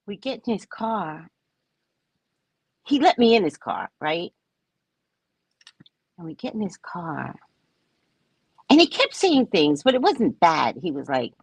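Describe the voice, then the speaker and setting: A woman with a husky voice, close to the mic in a dry space, tells a personal story in casual talk. Her pitch swings widely as she acts out each side of the dialogue. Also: no echo. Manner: animated, acts out both sides of dialogue. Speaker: podcast host.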